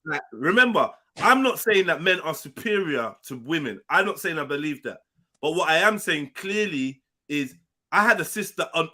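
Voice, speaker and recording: A man's voice: a little high, sharp tone. A man hosting a live panel stream, brash, profane and combative in debate.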